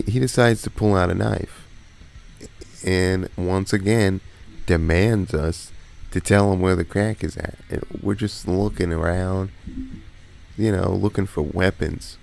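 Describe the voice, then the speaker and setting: Man, deep voice, vocal fry, slangy laid-back storytelling vlog. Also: a little mellow. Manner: slangy, laid-back, laughs while telling. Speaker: vlogger. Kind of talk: casual storytelling.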